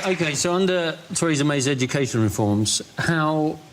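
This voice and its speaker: A man delivering deadpan jokes on a comedy panel. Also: on the high side, normal speed, a loud crowd, heavy background noise. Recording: studio audience laughing behind.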